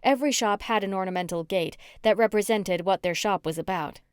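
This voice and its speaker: A woman narrating a cozy mystery audiobook in first person, with an even storytelling delivery. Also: mid-range voice, brisk, clean tone, no echo, clean studio sound.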